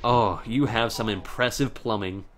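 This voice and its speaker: A man's voice: on the low side, measured pace, a bit bright, a little hiss or hum. A young man casually commentating a video game, rambling through a sarcastic story about work and swearing freely. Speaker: gameplay commentator. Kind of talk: casual let's play commentary.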